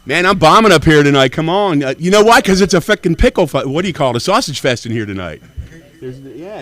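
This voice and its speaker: A man's voice: fairly high pitch, big pitch swings, fast, fairly bright tone. A man in his sixties from Tennessee, doing brash, profane stand-up at an open mic. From Nashville, Tennessee. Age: 60s. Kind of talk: stand-up comedy.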